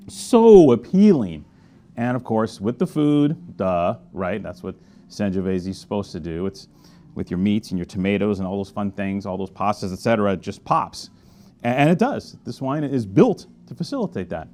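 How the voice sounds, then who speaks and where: A man's voice: lowish voice, expressive, normal speed, warm tone. A man hosting a casual wine tasting review, talking enthusiastically with chatty asides and tasting murmurs. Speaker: wine merchant host.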